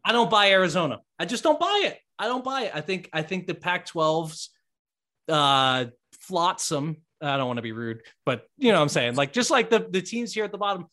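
A man's voice: sits high, moderate pace. A man co-hosting a sports podcast in casual chat, emphatic and repeating his points. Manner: animated, emphatic, repeats himself. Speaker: podcast co-host.

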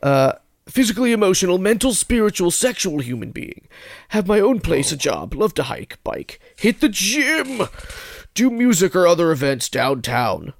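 A man's voice: high voice, big pitch swings, normal speed, dry recording. A man putting on an older man's voice to read out a dating profile, listing his traits earnestly.

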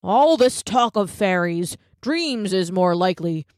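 Calm, practical dad in a storybook reading, matter-of-fact, voiced by a woman. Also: medium pitch, a little slow, no echo, studio quality, lightly acted. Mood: dismissive.

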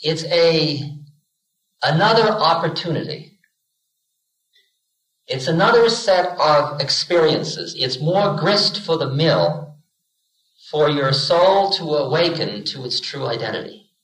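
A man's voice: fairly high pitch, lively intonation, slow, long pauses, fairly bright tone, echoey room, low-quality recording. A man giving a spiritual lecture to an audience, telling it as a story and acting out the voices he quotes, with humor. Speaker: spiritual teacher.

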